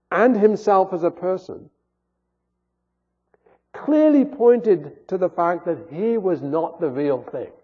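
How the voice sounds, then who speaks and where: A pastor delivers an earnest sermon, his emphasis rising and falling. His voice is a little high and husky. The recording sounds tinny and phone-like, with long hall reverb.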